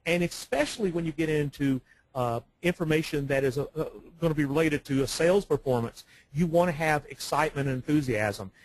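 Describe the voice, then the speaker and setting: A man co-presenting a webinar, a former broadcaster who explains microphone technique and often pauses on "uh.". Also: on the high side, low-quality recording. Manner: speaks with many "uh" fillers and restarts. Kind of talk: instructional webinar talk. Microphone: professional microphone, close.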